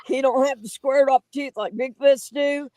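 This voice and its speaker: High-voiced woman with a drawl. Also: moderate pace, no room sound, low-quality recording. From Oklahoma. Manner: animated, folksy, dramatic telling with rough grammar. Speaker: guest storyteller on a paranormal livestream. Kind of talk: casual livestream storytelling.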